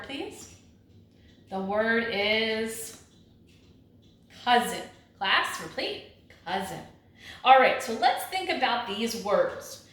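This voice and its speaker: Brief: upbeat teacher, a woman with a high, bouncy voice, drilling phonics, heavy room echo. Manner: clear, drilling, animated teacher voice. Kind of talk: online phonics lesson. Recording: very echoey room.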